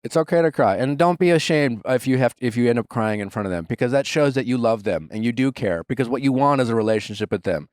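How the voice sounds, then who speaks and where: A blunt man in his thirties gives advice on a podcast, emphatic and unfiltered, with a middle-pitched voice. He is recorded close and dry, with no room sound. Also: fast talker, few pauses, a little mellow, no room sound. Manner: blunt, emphatic, swears freely. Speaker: podcast host giving advice. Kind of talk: casual advice chat.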